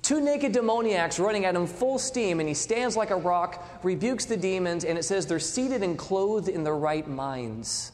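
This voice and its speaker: Lively preacher in a reverberant hall. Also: male voice, high voice, normal speed, hardly any pauses. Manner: dramatic, swings between loud and hushed. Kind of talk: sermon.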